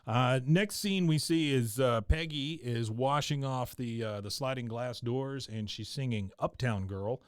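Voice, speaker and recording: A man's voice: mid-range voice, unhurried, few pauses, clean tone, dry recording, clean studio sound. Rambling man recapping a cartoon episode. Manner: rambling, many filler sounds, chuckles often. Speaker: podcast host.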